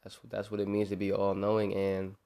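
A man's voice: on the low side, completely flat delivery, fairly quick, gravelly, mellow. A young man hosting a podcast, talking earnestly and informally about faith and forgiveness, often repeating his words as he goes. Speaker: podcast host. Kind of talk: informal religious encouragement.

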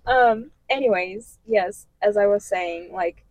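A woman's voice: mid-range voice, slow pace, darkish tone, lo-fi sound. A woman co-hosting a podcast in casual chat, earnest and explaining at length. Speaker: podcast co-host.

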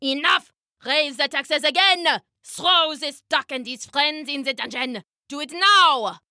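A woman's voice: high voice, slow pace, pushed and bright, no echo, clean studio sound, voice pushed up, full character voice. A woman voicing a greedy, raging male king in a storybook tale, shrieking and blustering. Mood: panicked.

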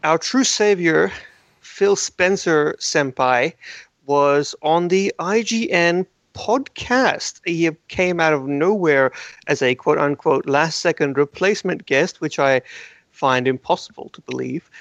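A man's voice: a little high, slow pace, gravelly, a bit bright, dry recording, muffled recording. A man co-hosting a casual gaming podcast, teasing the others with dry jokes and chuckling at them. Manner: dry jokey teasing, laughs at own jokes. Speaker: podcast co-host.

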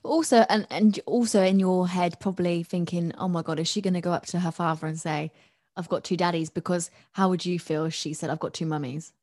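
A woman's voice: on the low side, fairly even intonation, fairly quick. A woman in casual chat who reacts with sympathy and asks follow-up questions. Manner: sympathetic, warm interjections.

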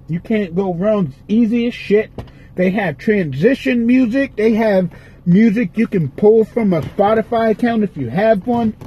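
A man's voice: sits high, husky, lo-fi sound. A man hosting his podcast in a casual rambling monologue, profane and frustrated, with a stuffy nose. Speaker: podcast host. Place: parked car.

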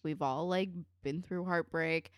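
A woman's voice: deep voice, fairly even intonation, unhurried, clear, resonant tone, no echo, clean studio sound. A woman co-hosting a casual TV recap podcast, talking bluntly and swearing freely in exasperated rants. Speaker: podcast co-host.

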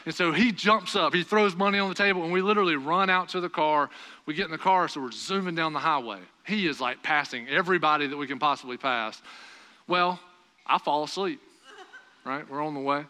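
A young male preacher with a bright, forceful voice that sits a little high for a man. He tells his story with animated delivery and raises his voice for the dialogue. The sound carries a long reverb from a church sanctuary. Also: brisk. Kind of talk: sermon with personal story.

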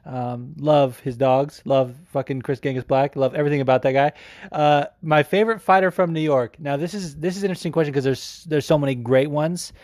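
An American man hosts a podcast in loose, rambling chat, swearing freely and laughing easily. His voice sits a little high and is heard close to the mic. The sound is dry, with no room echo. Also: brisk, darkish tone. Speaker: podcast host. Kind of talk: casual chat.

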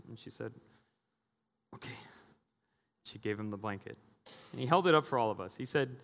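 A man delivering a sermon in a casual, animated storytelling manner, tossing in jokes and asides. His mid-pitched voice carries through a church hall with a long, ringing reverb. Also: moderate pace, long pauses. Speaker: pastor. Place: church sanctuary.

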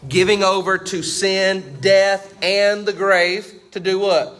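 A man's voice: sits high, fairly even intonation, measured pace, hardly any pauses, a bit bright. Man preaching with call-and-response questions. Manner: conversational preaching, quizzes the congregation with fill-in questions; tags points with "right?" and "you see what I'm saying?". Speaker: pastor. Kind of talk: sermon.

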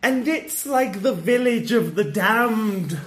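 A man's voice: high-pitched, animated, slow, echoey room, voice pushed up. A man retelling an older male Scottish comedian's dockside anecdote in a light put-on delivery. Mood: storytelling. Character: old male Glaswegian comedian telling dock story.

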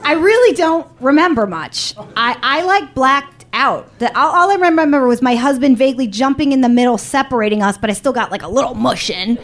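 A fairly high-voiced woman telling a funny personal story on stage. She is animated and blunt, swears freely and pokes fun at herself as she goes. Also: a little fast, hardly any pauses. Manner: animated, blunt, profane, self-mocking. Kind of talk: live comedic storytelling.

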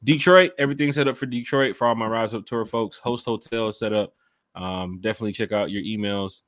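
A man's voice: fairly low pitch, fairly even intonation, fairly quick, a bit bright, no room sound, studio quality. A man hosting a casual fan podcast, hyped and slangy, talking straight to his listeners. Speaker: podcast host. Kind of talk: casual chat.

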